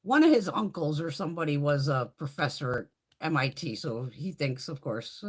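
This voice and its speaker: Profane, animated middle-aged woman ranting. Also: deep voice, moderate pace, breathy edge. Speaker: live stream host. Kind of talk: casual live chat rant.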